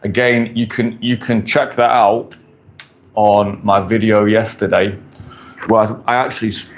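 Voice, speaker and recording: A man in his forties with a fairly low voice, talking bluntly and crudely on a casual live stream. He speaks with brash confidence and drives his points home by saying them again and again. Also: slight background noise. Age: 40s. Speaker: dating coach streamer. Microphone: phone or camera on a stand.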